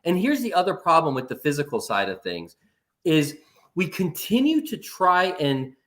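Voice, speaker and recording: A man's voice: a little high, a bit bright. A man making emphatic points in a casual discussion about mental health, repeating phrases for stress. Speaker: panel speaker on mental health.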